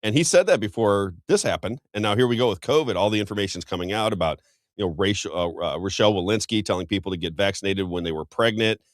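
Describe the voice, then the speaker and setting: A man's voice: fairly low pitch, fast, no echo, clean studio sound. An American man hosting a casual political talk show, telling rambling anecdotes. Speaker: host.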